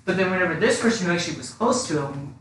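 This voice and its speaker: Bright rambling young man in echoey kitchen. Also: high-pitched, animated, racing. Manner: rambling, restarts often, playful. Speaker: co-host of baking video. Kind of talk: casual chat while baking. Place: home kitchen. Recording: echoey room, from far off mic, faint noise.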